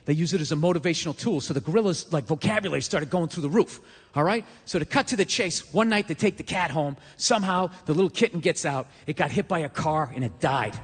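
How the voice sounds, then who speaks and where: A middle-aged man doing stand-up comedy, ranting and profane, slipping into shouted character voices. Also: on the high side, fast, husky. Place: comedy club stage before a live audience. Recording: roomy hall with faint ambience.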